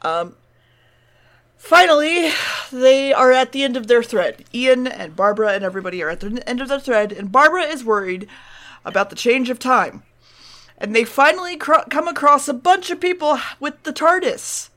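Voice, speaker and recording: A woman's voice: sits high, expressive, moderate pace, a bit bright. A woman co-hosting a podcast, chatting casually as she recaps an episode, laughing and swearing now and then. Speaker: podcast co-host.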